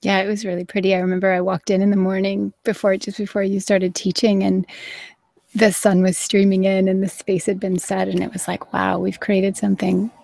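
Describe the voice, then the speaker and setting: Host: middle-aged woman, gushing live-show chat, gravelly low edge, dry close sound. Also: flat delivery, fairly quick, mellow, no room sound. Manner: enthusiastic, gushing, acts out quotes. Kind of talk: live wellness show conversation.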